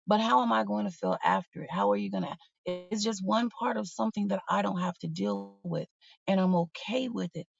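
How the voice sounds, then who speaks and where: A woman's voice: medium pitch, fairly quick, gravelly. A woman hosting a livestream, talking candidly and bluntly in a rambling, casual way to her viewers. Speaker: livestream host. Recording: dull, slightly lo-fi sound.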